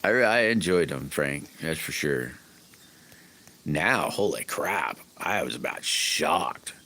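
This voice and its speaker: A man's voice: extremely low pitch, expressive, slow pace, bright, forceful tone. A middle-aged man hosting a livestream, chatting casually with viewers in a folksy, rambling way full of restarts. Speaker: livestream host.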